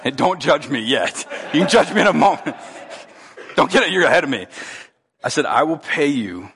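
High, bright-voiced pastor in a reverberant hall. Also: male voice, brisk. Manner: animated, self-mocking, with many restarts. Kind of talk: storytelling sermon. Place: church auditorium.

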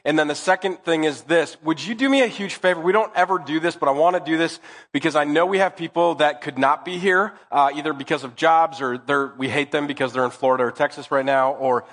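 Pastor with a cold in a reverberant hall. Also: male voice, fairly high pitch, fairly quick, fairly bright tone. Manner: chatty, joking, conversational. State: has a cold. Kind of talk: casual sermon. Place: church hall.

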